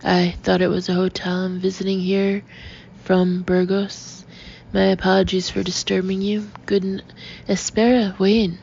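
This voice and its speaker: A woman's voice: mid-range voice, little pitch movement, unhurried, vocal fry, darkish tone. A woman reading a nasal, flustered man with a cold. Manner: hesitant, apologetic. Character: flustered male traveler with a head cold. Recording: dull lo-fi audio with faint hiss.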